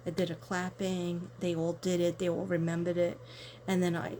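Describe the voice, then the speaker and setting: Chatty older woman, excitable vlogger. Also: fairly low pitch, moderate pace, a little hiss or hum. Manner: chatty and excitable, gasping with delight. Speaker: tarot reader and vlogger. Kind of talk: casual unboxing chat to viewers.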